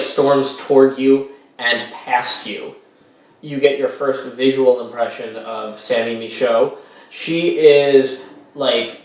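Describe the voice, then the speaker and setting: Stammering game master in an echoey room. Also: male voice, medium pitch, far from the mic. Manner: rambling, stammering restarts with many fillers. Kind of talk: narrating a tabletop role-playing game. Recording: very echoey room, a bit off mic.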